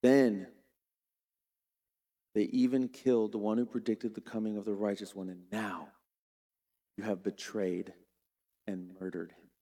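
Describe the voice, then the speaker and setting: A man's voice: lowish voice, flat delivery, unhurried, pauses often, warm tone. Man preaching a dramatic sermon. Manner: dramatic storytelling preacher, varies volume widely. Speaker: pastor.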